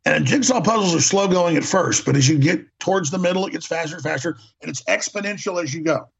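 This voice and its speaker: A man's voice: fairly high pitch, fast, vocal fry, husky. A man hosting a talk show, delivering an impassioned political monologue, ranting and repeating words for emphasis, on a dull lo-fi recording.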